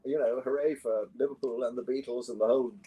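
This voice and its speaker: An older English man with a London accent, a guest recalling stories in a relaxed, rambling way with many self-corrections. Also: mid-range voice, fast talker, breathy edge, low-quality recording. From London, England. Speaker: guest, actor and musician. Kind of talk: relaxed conversational interview.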